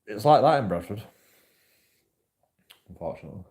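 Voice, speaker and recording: A man's voice: lowish voice, lively intonation, normal speed, darkish tone. A man rambling through a profane monologue to camera, repeating himself often. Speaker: vlogger.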